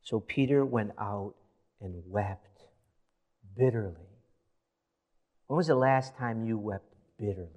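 A man's voice: fairly low pitch, slow, long pauses, a little mellow. A man preaching a sermon as pastor, reading scripture aloud and building emphasis as he goes.

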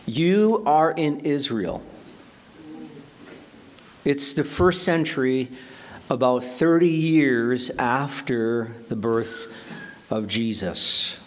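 A male pastor preaching a sermon, telling a story with earnest drama and praying with pauses. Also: mid-range voice, expressive.

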